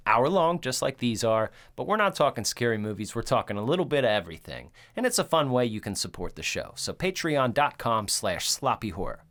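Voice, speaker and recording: A man hosting a horror movie podcast, telling the story in a rambling, profane, animated way. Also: medium pitch, fairly quick, hardly any pauses. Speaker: podcast host. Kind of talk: casual movie recap chat.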